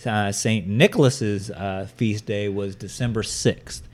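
A man's voice: on the low side, fairly even intonation, unhurried. A man co-hosting a casual podcast, rambling through a story with lots of fillers and swearing. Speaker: podcast co-host.

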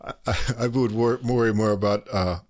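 A man's voice: on the low side, steady tone, fairly quick, darkish tone. A middle-aged man co-hosting a music podcast in a laid-back, hesitant way with dry quips. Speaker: podcast co-host. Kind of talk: casual chat.

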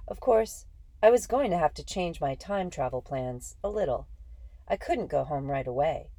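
A woman reading a first-person children's story aloud in a steady, earnest way. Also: low-pitched, no echo, low-quality recording. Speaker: audiobook reader. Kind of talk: first-person audiobook narration.

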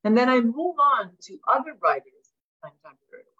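Woman lecturing with lively pitch. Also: fairly quick, slightly rough. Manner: asks rhetorical questions, often adds "right?"; frequent restarts and repeated words. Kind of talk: academic lecture. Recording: dull lo-fi sound.

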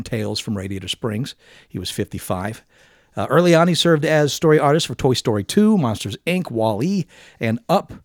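A man's voice: medium pitch, no room sound. A man in the middle of his range hosts a casual podcast, moving between loose banter and reading out news items. He talks animatedly and often restarts his phrases. The recording is dry and close, with no room sound. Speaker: podcast host. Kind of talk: casual chat and news read-out.

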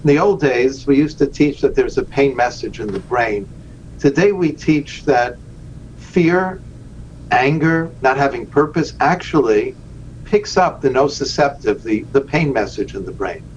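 An earnest man tells his story as a podcast guest, leaning on key words and slowing down to stress them. His voice comes over a dull, lo-fi remote line with a faint hiss underneath. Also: mid-range voice, animated. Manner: earnest, slows down for emphasis. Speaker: guest, rabbi and charity founder.

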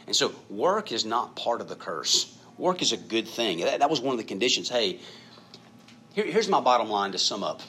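A man's voice: lowish voice, sing-song, moderate pace, pushed and bright, slight background noise. A male pastor preaching a sermon in a conversational, emphatic way, often repeating words.

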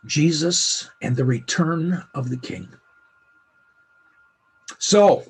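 A middle-aged man teaching a Bible lesson, speaking earnestly and slowing to stress key phrases. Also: on the high side, slightly rough. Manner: earnest, with slow emphatic phrasing. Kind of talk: scripted teaching.

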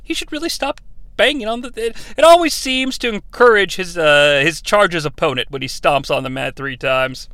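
A man hosting a comedic wrestling recap, sarcastic and animated, with mock-courtroom asides. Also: high-pitched, normal speed, no room sound. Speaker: podcast host recapping wrestling.

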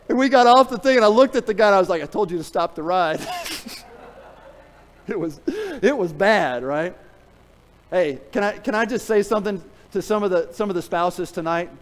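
A middle-aged man preaching a sermon in a church, telling a story with humor, then dropping to a quiet, earnest tone to drive a point home. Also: a little high, poor audio. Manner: animated storytelling, jokes with the congregation; drops to a quiet, earnest tone for emphasis. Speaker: pastor. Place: church sanctuary.

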